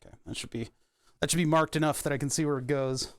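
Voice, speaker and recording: A man's voice: fairly high pitch, fairly even intonation, fast. A man livestreaming a printer repair, chatting casually and jokingly with sarcastic asides while he works. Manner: joking, sarcastic, chuckles often. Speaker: streamer doing printer repairs. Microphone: headset or desk mic.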